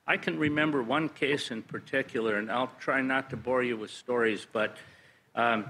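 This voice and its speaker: A man's voice: medium pitch, vocal fry, bright, forceful tone, slight background noise, rough recording. Man giving dry-humored remarks to a board. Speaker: federal lobbyist addressing a board. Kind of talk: public meeting remarks.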